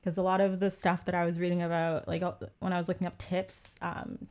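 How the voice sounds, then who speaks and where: A woman co-hosting a podcast in casual chat, thinking out loud in long, rambling sentences. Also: lowish voice, level tone, fast, clear, resonant tone, muffled recording. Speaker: podcast co-host.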